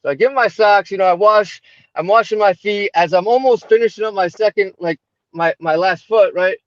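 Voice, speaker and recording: American guy, raised pitch, dry close sound, chatty storyteller full of fillers and tag questions, voices the other people in his story. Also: fairly quick, dry recording. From United States. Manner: animated, retells dialogue, many fillers and tag questions. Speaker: livestream guest. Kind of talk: personal storytelling in conversation. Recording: dull lo-fi livestream audio.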